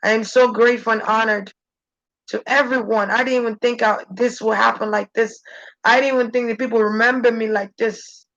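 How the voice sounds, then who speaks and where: A woman's voice: steady tone, brisk, a bit bright, muffled recording. A woman speaking as a channeler in an intense, preachy spirit-channeling monologue. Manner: intense, preachy, shifting pitch.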